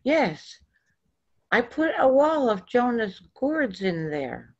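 A woman's voice: fairly high pitch, very animated, slow, husky, voice pushed up, full character voice. A woman playing a small earnest boy. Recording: dull lo-fi recording.

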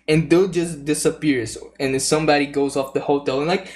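A woman's voice: low voice, moderate pace, few pauses, low-quality recording. A woman streamer rambling through casual commentary, giggling and cracking crude jokes.

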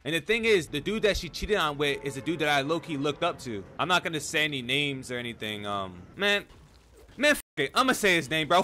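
A young man streaming a game, brash and loud, trash-talking and swearing constantly. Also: fairly high pitch. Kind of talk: gaming livestream trash talk.

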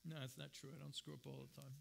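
A man's voice: medium pitch, completely flat delivery, quick pace, vocal fry, slight background noise. A man preaching a sermon as pastor, earnest and personal, telling stories from his own life in a church. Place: church sanctuary.

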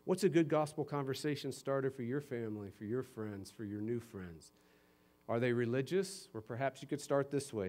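A pastor from Connecticut, USA, preaches a sermon in a conversational, lively style, moving between quiet passages and emphatic ones. His voice sits in the mid-range and his pace is brisk.

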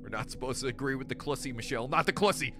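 A man's voice: medium pitch, rapid-fire, over music. A man streaming a horror game, joking and rambling, sometimes reading the game's text aloud. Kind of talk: casual game stream chat.

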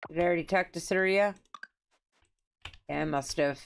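A woman's voice: lowish voice, normal speed, vocal fry, a little hiss or hum. A woman streaming a cozy game, chatting playfully with her viewers and reading dialogue aloud. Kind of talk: casual let's-play chat.

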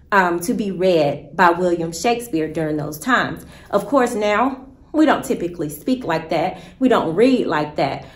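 A woman teacher giving a recorded virtual lesson, explaining step by step in a patient, deliberate way. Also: medium pitch, roomy sound.

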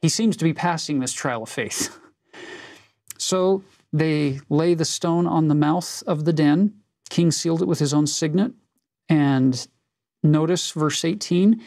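A man's voice: a little high, slow pace, vocal fry, darkish tone, no room sound, studio quality. A man co-hosting a conversational Bible lesson, earnest and reflective as he reads and explains scripture. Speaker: scripture study co-host.

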